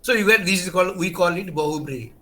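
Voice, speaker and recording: A man's voice: high voice, fast talker, bright, forceful tone. A man, teaching Sanskrit grammar in a lecture, earnest and emphatic, repeating key terms and restarting phrases as he explains. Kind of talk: online lecture.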